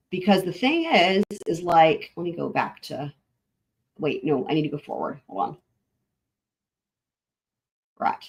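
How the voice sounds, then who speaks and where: A woman hosting a live stream, talking her way through maps in casual, rambling commentary with frequent swearing and restarts. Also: sits low. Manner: rambling, profane, thinking aloud with frequent "like" and restarts. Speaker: livestream host.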